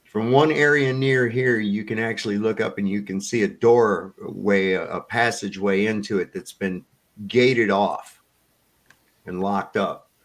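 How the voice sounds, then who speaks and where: A man's voice: on the low side, steady tone, unhurried. A man chatting loosely on a podcast, telling stories with laughter and swearing. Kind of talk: casual chat, storytelling.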